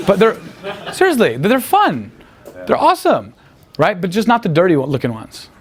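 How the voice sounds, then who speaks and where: A man's voice: high voice, wildly swooping pitch, moderate pace. A man telling crude, boastful, rambling stories full of profanity in a casual interview. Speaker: guest talking about picking up women.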